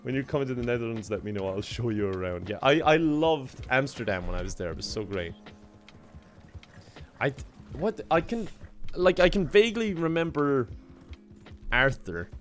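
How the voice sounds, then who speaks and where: A man's voice: medium pitch, animated, moderate pace, long pauses, soft background music. A man streaming a game, chatting casually with viewers, laughing often and thanking them for donations. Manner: laughs often, reads out chat donations, rambling. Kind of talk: casual gaming livestream chat.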